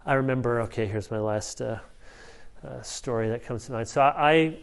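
A man preaching a sermon in a conversational, emphatic way. His voice sits at an ordinary middle pitch and he moves easily between teaching points and personal stories. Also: normal speed, creaky, smooth. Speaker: pastor.

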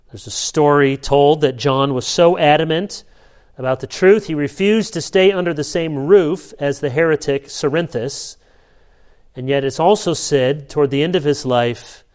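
A man preaching a sermon as a pastor, conversational and emphatic as he tells stories to his congregation. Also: mid-range voice.

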